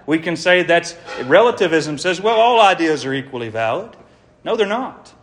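A man's voice: fairly high pitch, lively intonation, brisk. A man preaching an evangelistic sermon to a congregation in an earnest, emphatic way, with many rhetorical questions.

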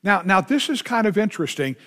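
A man, a pastor, preaching a sermon with emphatic, drawn-out stresses and quick asides to the congregation. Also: sits high, very animated, fairly bright tone.

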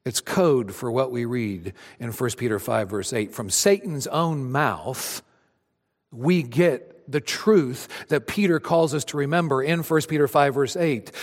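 A man preaching a sermon with animated delivery, acting out voices of the figures he tells about. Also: mid-range voice, unhurried, long reverb tail. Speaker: pastor.

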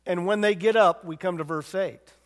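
Man, preacher, sermon, high voice, conversational, long hall reverb. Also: moderate pace. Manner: conversational, asks the congregation questions.

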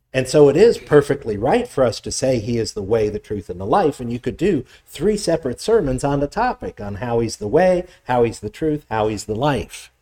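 A man delivers a teaching sermon in a mellow, relaxed voice, thoughtful and steady. He stops now and then to restart a phrase. When he reads scripture aloud, his voice rises for emphasis. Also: mid-range voice. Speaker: pastor. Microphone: presenting with slides on screen.

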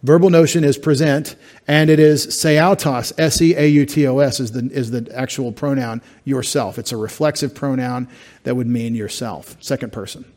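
A man's voice: mid-range voice, fairly even intonation, moderate pace, a little mellow. A middle-aged man pastor preaching an expository sermon, explaining Greek words step by step with wry asides. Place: church sanctuary.

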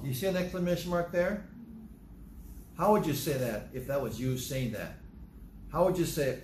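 A man preaching a Bible teaching sermon, animated and quizzing his congregation. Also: medium pitch, brisk, slight background noise. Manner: animated, asks the congregation questions. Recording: echoey room, faint ambience.

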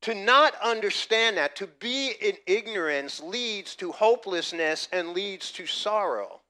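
A middle-aged American man delivers a sermon through a personal story. His voice sits slightly high and rings bright and forceful. He moves between quiet recollection and loud, emphatic preaching. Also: expressive, unhurried. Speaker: pastor.

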